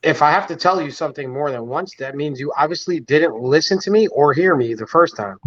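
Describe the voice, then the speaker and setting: A man's voice: a little high, lively intonation, fairly quick, no room sound. A man in casual podcast chat who jokes in a blunt, profane way. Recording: dull, lo-fi audio.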